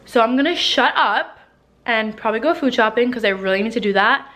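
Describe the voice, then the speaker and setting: A woman's voice: a little high, animated, fairly quick, a bit bright. Chatty, breathless young woman vlogging at home. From New Jersey. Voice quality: frequent "like" fillers, swearing, emotional. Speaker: lifestyle vlogger. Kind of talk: casual chatty vlog monologue. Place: home living room.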